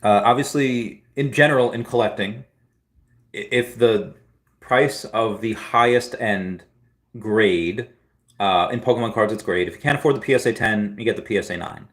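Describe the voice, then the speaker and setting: Male livestream host, a bit low-pitched, loose and rambling delivery with frequent restarts. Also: normal speed. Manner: rambling, restarts and repeats words. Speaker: livestream host answering chat. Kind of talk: casual livestream chat.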